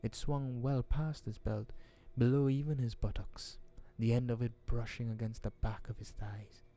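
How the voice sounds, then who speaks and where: A man reading a fantasy novel aloud in a relaxed, casual way, stumbling over words now and then. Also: mid-range voice, moderate pace, soft background music. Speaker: audiobook reader. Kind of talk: casual audiobook reading with asides.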